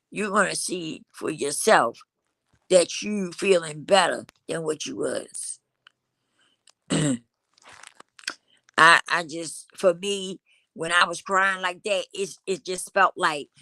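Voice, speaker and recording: A middle-aged woman talks slowly and loosely on her livestream, drifting into preachy encouragement and bits of half-remembered song. Her voice is bright and forward. The sound is dry and close, with no room around it. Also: on the low side, dry recording. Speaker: livestream host. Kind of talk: casual livestream chat.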